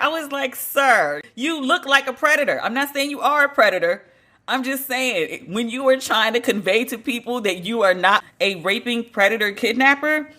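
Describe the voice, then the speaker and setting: Bright-voiced blunt woman podcast host. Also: medium pitch. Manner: blunt, wry, with laughing asides; swears casually. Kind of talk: casual gossip commentary.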